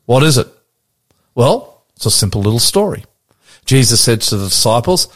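A man's voice: medium pitch, big pitch swings. A man with an Australian accent, a pastor preaching in a radio chat, earnest and often checking that his co-host follows. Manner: earnest, preacherly, asks quick check-in questions.

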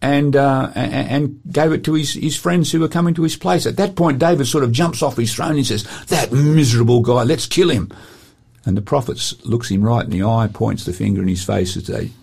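Gravelly man telling Bible stories. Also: medium pitch, a little fast, hardly any pauses. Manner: animated storyteller acting out quotes. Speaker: presenter. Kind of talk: storytelling Bible talk.

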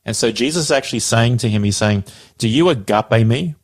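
A man's voice: medium pitch, brisk. A man casually explaining a Bible passage, animatedly acting out the quoted dialogue.

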